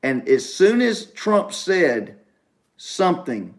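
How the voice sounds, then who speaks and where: A man's voice: high-pitched, sing-song, slow pace. A man hosting a casual livestream show from home, repeating himself and speaking straight to his viewers. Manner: repetitive, emphatic, talks straight to viewers. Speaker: show host.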